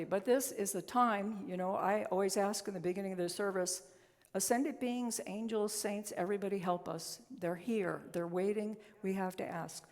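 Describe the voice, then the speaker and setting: A woman's voice: mid-range voice, a little mellow. A woman minister giving a conversational, story-telling sermon in a church sanctuary. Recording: long reverb in a church hall.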